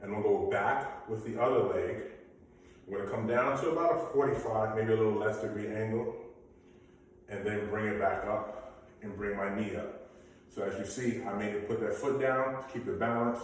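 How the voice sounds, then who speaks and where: A man's voice: fairly low pitch, fairly even intonation, normal speed, a little hiss or hum. Echoey man coaching a workout. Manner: encouraging, coaching cues and countdowns. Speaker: fitness instructor. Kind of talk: workout instruction with counting. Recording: very echoey room, mic far off.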